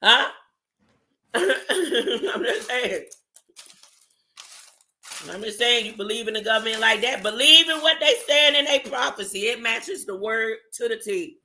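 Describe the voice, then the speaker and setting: A religious commentator talks casually and emphatically on a livestream, often throwing out "huh?" to the audience. Documents are read aloud slowly, broken up by slangy asides. The voice has a bright, sharp edge at a middling pitch. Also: slight background noise.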